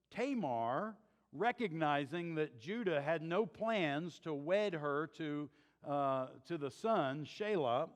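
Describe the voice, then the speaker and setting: A man's voice: a little high, big-room sound. A man teaching a church Bible survey class, retelling a story in a conversational, folksy way with chuckling asides.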